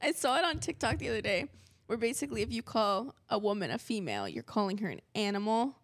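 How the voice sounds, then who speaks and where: Podcast co-host, young woman, lively gravelly voice, dry close sound. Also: on the high side, quick pace, no echo. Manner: giggly, slips into a put-on British accent. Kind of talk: casual chat.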